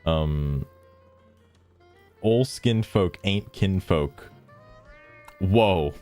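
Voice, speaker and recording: A man streams casual commentary, reading posts aloud with sarcastic, laughing asides. His voice sits low but swings widely in pitch. Faint music plays quietly behind him. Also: lively intonation, drawn-out words.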